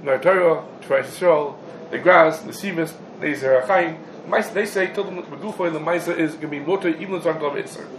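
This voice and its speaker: A Talmud teacher gives a halacha class in English, filled with Hebrew and Yiddish terms. His voice is on the high side and a little fast. The room is echoey, and there's background noise.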